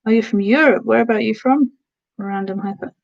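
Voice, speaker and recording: A woman's voice: a little high, brisk, gravelly. Woman streamer from the Black Country, chatty, answers chat between bits of giantess role-play, muffled lo-fi sound. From Black Country, England. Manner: chatty, answering viewers' comments. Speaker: ASMR streamer.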